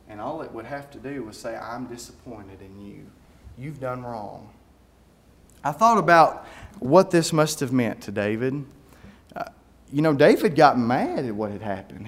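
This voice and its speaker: A man preaching a sermon, moving between quiet, folksy retelling and loud, climbing exhortation. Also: on the high side, reverberant. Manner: swings from quiet storytelling to loud, rising exhortation. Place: church sanctuary.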